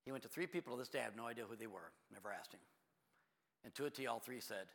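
A middle-aged man preaching a sermon as pastor, shifting between quiet confiding talk and loud, urgent preaching. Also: mid-range voice, rapid-fire, vocal fry, long reverb tail.

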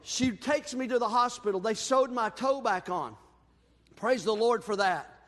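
A man preaching a sermon in a church, telling a folksy personal story in an animated, self-deprecating way. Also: very high-pitched, measured pace. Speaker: pastor. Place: church sanctuary. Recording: long hall reverb.

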